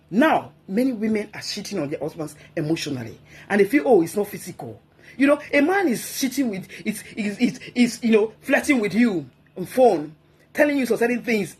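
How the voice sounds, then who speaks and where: A woman's voice: medium pitch, breathy edge. Emphatic woman preaching marriage advice. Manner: emphatic, exhorting, repeats herself. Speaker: guest speaker on marriage.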